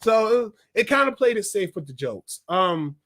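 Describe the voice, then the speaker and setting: At a normal speed, a young movie reviewer with a high voice chats through a film in an unscripted, rambling way. Fillers, especially "like," and restarts abound, and he sounds clearly thrilled about the things he liked.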